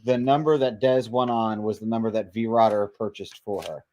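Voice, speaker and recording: A man's voice: lowish voice, normal speed, mellow. Wry man ribbing his friends. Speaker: live stream co-host. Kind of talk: casual banter on a live stream.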